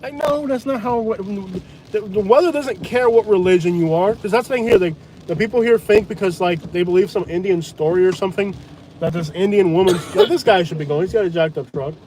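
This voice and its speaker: Blunt, excitable male storm vlogger with a high voice, riding in a truck with rain faintly behind him. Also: fast talker. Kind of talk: live storm commentary. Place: inside a truck during a hurricane. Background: rain and wind.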